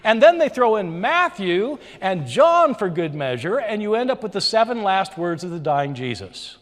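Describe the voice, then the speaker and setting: A man giving an emphatic, animated opening statement in a formal debate. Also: high voice, moderate pace. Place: lecture hall. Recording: reverberant hall.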